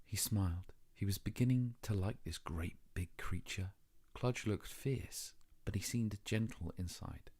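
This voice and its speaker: A man reading a children's novel aloud as audiobook narrator, measured and expressive. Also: lowish voice. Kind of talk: scripted narration.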